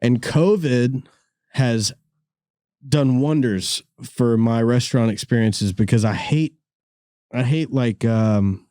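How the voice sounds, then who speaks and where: A young man hosting a podcast, telling stories in a casual, animated way with lots of laughter and sudden high-pitched bits. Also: slow pace, no room sound, clean studio sound. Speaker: podcast host. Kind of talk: casual storytelling chat.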